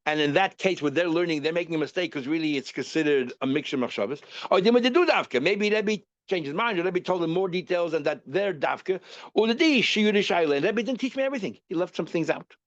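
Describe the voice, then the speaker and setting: Animated man teaching a Talmud lesson. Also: high-pitched, brisk, no echo, dull audio. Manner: animated, repeats terms while reasoning aloud.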